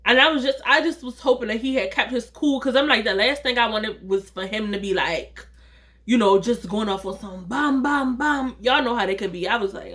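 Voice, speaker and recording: A woman telling a personal story in a casual vlog, chatty and animated, acting out the dialogue and talking straight to her viewers. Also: on the high side, brisk. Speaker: vlogger, storyteller.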